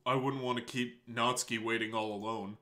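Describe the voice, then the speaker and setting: A man voicing a shy, anguished teenage girl in a tearful, halting confession while reading a visual novel aloud. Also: medium pitch, flat delivery, sharp tone, natural voice.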